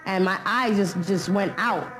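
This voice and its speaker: A woman speaks candidly in a documentary interview. She is blunt and loose, full of street slang, at a middle pitch, with faint music under her voice. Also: a little slow, a bit bright, poor audio.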